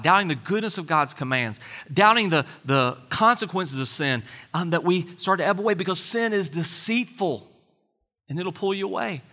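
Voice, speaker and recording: A pastor delivers a sermon in an earnest, conversational way, leaning on rhetorical questions. His voice is a fairly high, bright, forceful male voice. The sound carries the long reverb of a large church hall.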